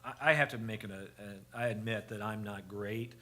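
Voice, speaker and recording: A man on a church parenting panel, telling a story with a self-deprecating, halting delivery full of restarts. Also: lowish voice, fairly even intonation, pushed and bright.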